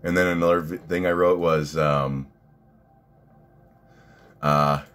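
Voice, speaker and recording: A man's voice: extremely low pitch, fairly even intonation, slow pace, fairly bright tone, soft background music. A man talking in a casual rambling vlog, profane and laughing at his own stories. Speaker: fitness vlogger and coach.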